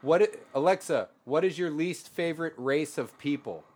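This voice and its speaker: A man's voice: a little high, normal speed, darkish tone. A male podcast co-host in casual comedy chat, joking and egging others on.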